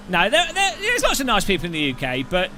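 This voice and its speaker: Man, live stream chat, rambling and jokey, high bright voice. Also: wildly swooping pitch, moderate pace, soft background music. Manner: rambling, jokey, laughs often.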